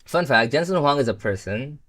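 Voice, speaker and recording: A young man who isn't a native English speaker, talking casually to his chat on a live stream as he codes. He rambles, trails off and swears when things break, in a mid-pitched voice. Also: expressive, brisk, fairly bright tone. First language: not English. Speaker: livestreamer.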